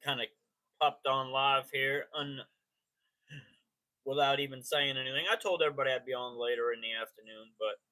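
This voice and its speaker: Bright-voiced man hosting a live stream. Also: mid-range voice, fairly even intonation, moderate pace, pauses often. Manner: slangy, greets chatters by name. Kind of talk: casual live stream chat.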